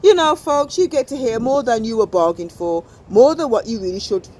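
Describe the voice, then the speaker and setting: A woman's voice: a little high, lively intonation, normal speed, mellow, slight background noise. A woman performing a wry spoken-word story, slipping into rhymes as she narrates.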